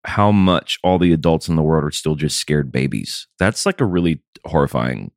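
A man with a very low, deep voice talks in loose, rambling podcast chat. His delivery is wry and profane, and the dry, close recording has almost no room sound. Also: expressive, normal speed, no echo. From American South. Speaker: podcast co-host. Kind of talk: casual chat.

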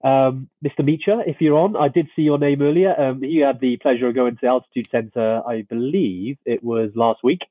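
A man's voice: mid-range voice, steady tone, normal speed, few pauses, dry recording. Man on a tinny phone-like line. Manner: friendly, laid-back, many fillers. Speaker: co-host of a live outdoor chat stream. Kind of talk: casual live-stream chat.

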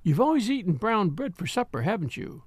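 A man's voice: high-pitched, very animated, a little fast, breathy edge, no room sound, voice pushed up, heavily acted. A man voicing a sincere, mild-mannered woman of thirty-three.

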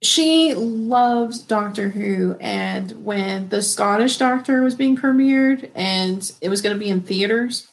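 Gravelly-voiced woman telling a rambling story. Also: medium pitch, takes it slowly, few pauses. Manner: rambling anecdotes with laughter. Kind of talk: casual chat.

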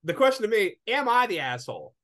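A man in his late twenties, sick and a bit congested, co-hosting a casual podcast with animated, profane storytelling. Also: sits high, fast talker. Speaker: podcast co-host. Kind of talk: casual chat.

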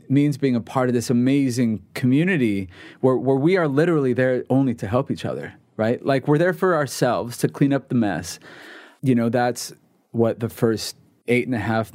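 A man in his forties talks earnestly as a podcast guest, in a voice of middle pitch. He often repeats a word while he starts a thought. The recording is dry and close. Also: a little mellow, dry recording. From Pasadena, California. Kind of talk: casual interview talk.

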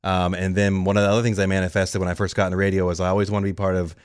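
A man's voice: sits low, rapid-fire, clear, resonant tone, no echo, clean studio sound. A man in his thirties, a radio show regular, telling his career story in a casual interview and acting out the people he quotes. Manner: animated, quotes people in lively voices. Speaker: radio show cast member. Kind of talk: conversational storytelling.

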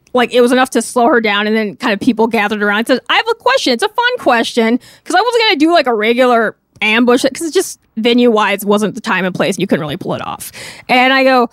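A woman from Minnesota, a guest telling a story in casual chat, animated and laughing often, with lots of "like" fillers. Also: on the high side, no echo, studio quality. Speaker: podcast guest, crop artist.

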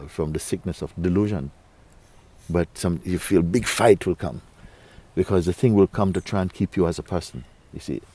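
A man with a low voice leads a spiritual talk for a gathering. His tone is dark and mellow. He speaks slowly and coaxingly, with soft chuckles and frequent checks of "you see?". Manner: unhurried, coaxing, often asks "you see?". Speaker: spiritual teacher.

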